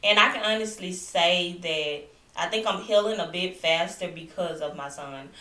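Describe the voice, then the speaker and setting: A lowish-voiced young adult woman speaks at a moderate pace on a distant mic, off-mic in an echoey room. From home, indoors, she vlogs a chatty, animated story about being sick while still recovering with a lingering cough. She addresses casual asides to viewers as she talks to camera.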